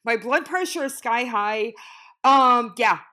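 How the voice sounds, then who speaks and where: Woman, unhurried delivery, upset and agitated, swearing, halting with fillers. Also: a little high, expressive, bright, forceful tone. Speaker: actress and guest. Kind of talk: emotional interview storytelling.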